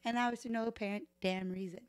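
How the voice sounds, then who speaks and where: Thirties woman, bartender guest, loud and salty storyteller, dry room tone. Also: medium pitch, fast talker, no echo. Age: 30s. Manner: animated, profane, laughs often, acts out voices in anecdotes. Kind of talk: casual podcast storytelling. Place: podcast live stream room.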